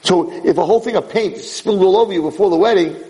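A man giving a Torah lecture as a rabbi, animated, his voice leaping high for emphasis. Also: fast talker. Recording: echoey hall.

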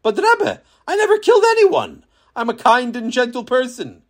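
A man voicing an anxious, eager innkeeper who pleads in a high, stammering voice. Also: sing-song, slow pace, husky, full character voice. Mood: pleading.

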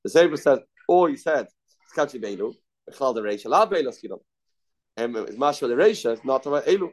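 A man's voice: medium pitch, lively intonation, fairly quick. A man teaching a Talmud lesson, repeating phrases and thinking aloud as he works through the text. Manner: repetitive, thinking aloud, mixing Aramaic terms into English.

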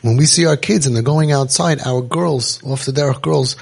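Man, parenting podcast host, gravelly, husky, animated storytelling, acts out quoted voices, Yiddish and Hebrew words. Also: medium pitch, moderate pace.

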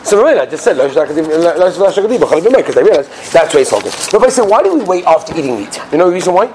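A man teaching Jewish law as a lively lecture, full of stories and rhetorical questions. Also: a little high, racing, a little hiss or hum. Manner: lively storytelling, rhetorical questions, mixes Yiddish and Hebrew terms. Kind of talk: animated lecture with anecdotes.

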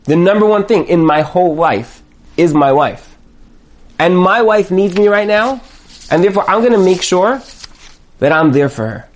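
Rabbi type, male, high voice, animated class lecture, Yiddish words here and there. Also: normal speed, pauses often. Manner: lively, acts out quoted voices, emphatic repetition; Hebrew and Yiddish words sprinkled in. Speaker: rabbi teaching a Torah class.

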